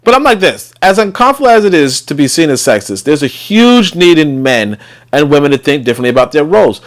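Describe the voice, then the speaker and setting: A man's voice: a little high, big pitch swings, quick pace. A man hosting a casual commentary stream, rambling with many fillers and trailing off. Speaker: host.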